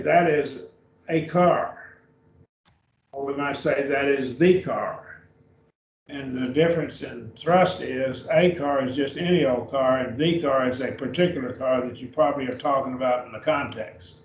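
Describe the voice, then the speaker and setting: A man teaching a classroom grammar lesson, speaking slowly with many fillers, restarts and repeated words. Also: mid-range voice, creaky. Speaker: Greek teacher. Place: church classroom. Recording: dull, roomy classroom recording.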